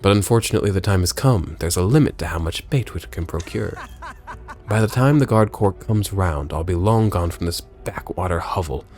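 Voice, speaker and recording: Guy doing a low gloaty villain voice, hammy, kinda scottish-ish, music under it. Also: normal speed, a little mellow, lightly acted. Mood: gloating. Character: gruff scheming male kidnapper, mock Scottish lilt.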